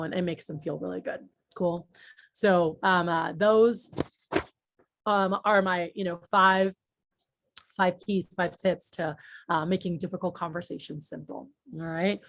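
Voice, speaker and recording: A woman's voice: mid-range voice, no room sound. Woman leading a team training, talks blunt, swears a lot, keeps saying right, all right, dry close sound. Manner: chatty, blunt and swears freely; frequent filler words and rhetorical checks. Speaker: sales leader giving a training talk. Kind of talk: casual training talk to a team.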